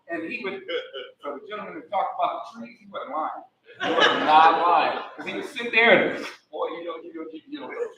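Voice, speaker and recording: A man giving a memorial eulogy, telling animated stories with laughter and mimicking the deceased. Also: a little high, a little hiss or hum. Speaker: eulogy speaker. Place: memorial service hall. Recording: echoey hall, voice from far off.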